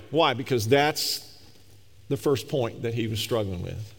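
A man's voice: fairly high pitch, sing-song, normal speed, a bit bright, in a large hall. A man preaching a sermon, emphatic and speaking straight to his listeners. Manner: emphatic, addresses the congregation directly.

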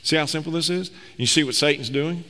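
A man's voice: on the high side, a little fast, bright, forceful tone. A man preaching a sermon as pastor, reading scripture aloud and explaining it with emphatic, rising delivery. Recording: long reverb of a large hall.

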